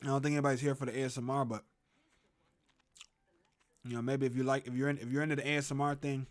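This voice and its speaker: A man's voice: medium pitch, flat delivery, fast, pauses often. A young man hosting a casual sports show at home, rambling about a football game and greeting viewers in the chat. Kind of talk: casual live game reaction stream. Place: at home in a room with a closet.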